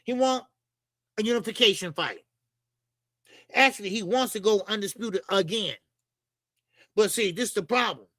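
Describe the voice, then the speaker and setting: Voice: mid-range voice, moderate pace, pauses often, bright, forceful tone, no echo. A boxing channel host giving blunt, profane opinions straight to viewers, often repeating lines for emphasis.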